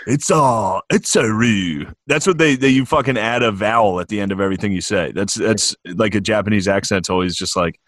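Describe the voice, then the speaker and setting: A man's voice: on the low side, brisk, few pauses, a bit bright, no room sound. A man guesting on a comedy podcast, talking in loose, laughing, swearing banter.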